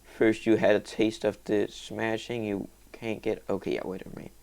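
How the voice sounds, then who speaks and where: A man giving casual let's-play commentary on a game, rambling and excitable, breaking into sudden high yelps and whoops. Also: normal speed, creaky. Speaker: gaming video host.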